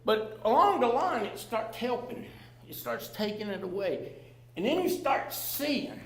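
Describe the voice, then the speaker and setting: Man, 60s, high voice, earnest storyteller with frequent laughs, echoey meeting room. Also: sing-song, measured pace. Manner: laughs often, repeats words, plainspoken and earnest. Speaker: panel speaker in recovery. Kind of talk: personal storytelling to a live audience. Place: public library meeting room. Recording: echoey room with faint hum.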